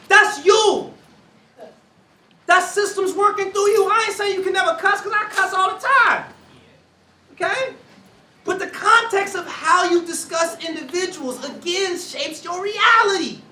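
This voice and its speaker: A man giving an energetic, slangy talk to college students, acting out voices as he preaches. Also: very high-pitched, a little slow. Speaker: speaker to students. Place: large room with audience. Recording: echoey room, voice from far off.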